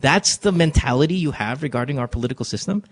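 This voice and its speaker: A man hosting a radio advice show, talking bluntly and profanely in animated stories. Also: medium pitch, fast. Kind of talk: casual radio talk.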